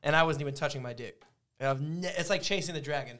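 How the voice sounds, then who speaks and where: Guy in his 30s on a podcast, blunt and crude, voice a bit high. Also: fast, a bit bright. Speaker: podcast guest. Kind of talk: casual chat.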